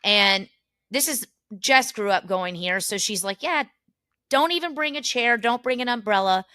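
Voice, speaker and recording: A woman with a bright, high-leaning voice, chatting as a podcast co-host. She tells family stories in an animated way and laughs often. The sound is close and dry. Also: moderate pace, clean tone, dry recording. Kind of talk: casual family chat.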